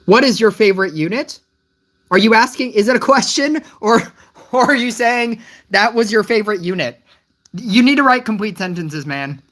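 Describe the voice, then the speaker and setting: A mobile game streamer chatting live with viewers, rambling and puzzled, with many restarts and gentle teasing of the chat. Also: medium pitch, lively intonation, normal speed.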